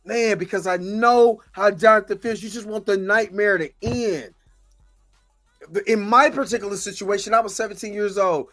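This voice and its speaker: A man's voice: high voice, normal speed, fairly bright tone, faint music behind. A man hosting a livestream, venting with frustration, repeating himself and thanking viewers by name. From United States. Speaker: host. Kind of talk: impassioned livestream commentary.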